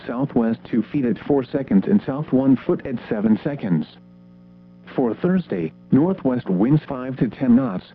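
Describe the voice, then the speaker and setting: A male forecast voice with a synthetic-sounding edge reads out winds and waves in a steady, list-like rhythm, jumping sharply up in pitch on short phrases. The sound is narrow and tinny, like a phone line. Soft guitar music plays faintly behind him. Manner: measured, even, list-like delivery. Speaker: weather forecast reader. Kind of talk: scripted marine weather forecast.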